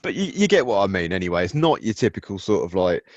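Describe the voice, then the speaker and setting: A low-voiced man chatting on a podcast, rambling and swearing as he stops and restarts his thoughts. The sound is dull and lo-fi, with a dry, close feel and no room around it. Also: very animated, fast talker, a little mellow, no room sound. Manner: rambling, self-interrupting, profane. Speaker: podcast co-host. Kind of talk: casual chat.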